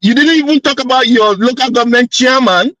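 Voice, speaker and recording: A man's voice: extremely high pitch, brisk, a bit bright, no echo, lo-fi sound. A man on an online panel debate, arguing insistently and repeating his points. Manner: insistent, argumentative, repeats himself.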